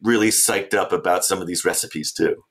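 A man, an author and traveler, telling a travel story as a guest in an interview, animated and laughing often. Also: low voice, normal speed.

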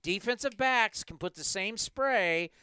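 A man hosting a casual sports podcast, ranting and repeating his points for emphasis. His voice is high and lively, with a bright, clear tone. The recording is close and dry. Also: unhurried, no room sound. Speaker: podcast host.

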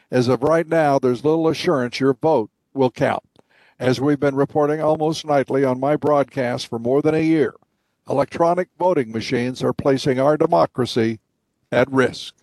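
A man hosting a broadcast, giving commentary in a measured, commanding delivery before praising his guest. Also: fairly high pitch, a little mellow, no echo. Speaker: host.

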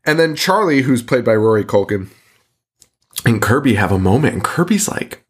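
A man's voice: mid-range voice, moderate pace, slightly rough. A man co-hosting a podcast, casually recapping a movie, laughing often and acting out lines. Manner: animated, laughing, swearing, acts out quotes. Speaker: podcast co-host.

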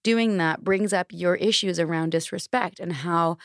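A woman's voice: fairly low pitch, normal speed, no echo, clean studio sound. A woman co-hosting a podcast in casual chat, laughing often and playful. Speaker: podcast co-host.

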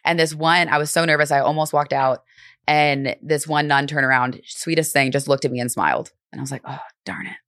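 A woman in her twenties, a fitness instructor guesting on a podcast, telling stories in a lively way and acting out her own lines. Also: low voice, a little fast, no room sound, clean studio sound. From Brooklyn. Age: 20s. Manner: animated storytelling, acts out quotes. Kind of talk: casual conversation.

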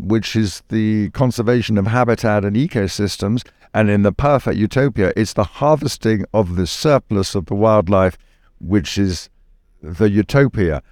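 A man's voice: medium pitch, a little mellow, dry recording, clean studio sound. A man from the United Kingdom in a conversational interview, thinking aloud with frequent restarts and fillers. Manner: thoughtful, hesitant with many restarts and fillers. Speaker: guest.

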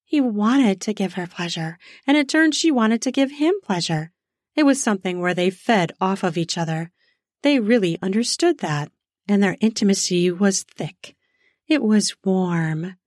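A woman narrates an erotic story in an unhurried, intimate voice of middle pitch. The sound is dry and close to the mic, with no room around it. She reads as the podcast's own host. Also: expressive, a little mellow, no room sound.

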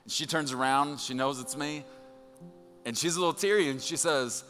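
A man preaching in a large church hall, telling a family story and animatedly voicing each person in it. His voice is bright and forceful, set a little high. Long reverb and soft guitar music sit behind him. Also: moderate pace. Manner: animated, acts out dialogue in the story. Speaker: pastor. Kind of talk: storytelling sermon.

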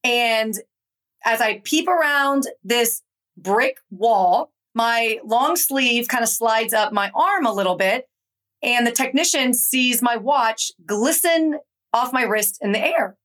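A young adult woman from Georgia, a guest author telling her story in an animated, conversational interview. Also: a little high, takes it slowly. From Atlanta, Georgia. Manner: animated, acts out quoted voices in her stories.

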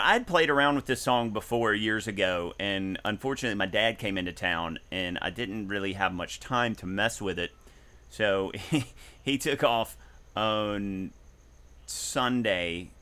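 A man's voice: lowish voice, moderate pace, sharp tone, clean tone. A man co-hosting a podcast, chatting casually from his garage about a song he covered, rambling with restarts and singing short snippets. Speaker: podcast co-host and musician. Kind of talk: casual chat. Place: home garage.

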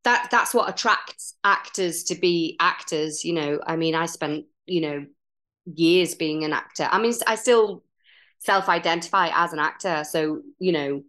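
A woman's voice: lowish voice, a little slow. Chatty middle-aged woman improv teacher. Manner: chatty, animated, frequent fillers and restarts. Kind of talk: casual podcast chat.

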